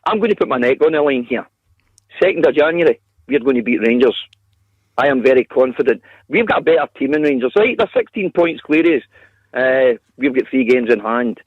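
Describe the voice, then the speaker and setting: A man's voice: mid-range voice, a little fast, husky, no echo, dull audio. A man calling a radio phone-in, a confident and defensive football fan. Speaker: radio caller. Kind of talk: phone-in call.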